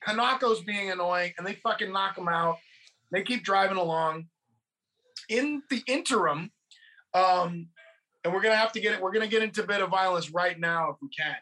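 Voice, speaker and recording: A podcast host retelling a movie scene by scene in a casual, swearing, animated way. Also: mid-range voice, normal speed. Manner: profane, animated storytelling.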